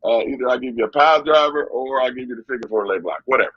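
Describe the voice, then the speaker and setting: A middle-aged man, a wrestling guest, telling long animated stories in an interview and often repeating himself. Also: mid-range voice, fast, slightly rough, dry recording, lo-fi sound. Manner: animated, repetitive storyteller. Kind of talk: storytelling interview.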